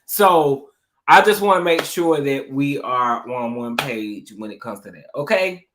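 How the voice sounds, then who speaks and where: Man, livestream host, animated and chatty, unhurried delivery, middle pitch. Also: noisy background. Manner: animated, repetitive, talks straight to the chat. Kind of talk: casual livestream chat with viewers.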